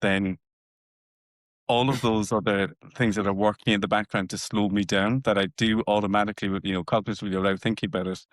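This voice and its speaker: Recorded cleanly in a studio with no room sound, this podcast co-host from Cork, Ireland, speaks with a Cork accent in a lowish, steady voice, a little fast. His casual chat is reflective, and he frequently starts his sentences over.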